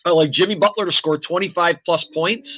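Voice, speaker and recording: Bright-voiced excitable man talking sports bets. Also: high voice, fairly quick, dry recording, highs cut off. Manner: excitable, emphatic, swears casually. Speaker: co-host. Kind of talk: casual sports betting chat.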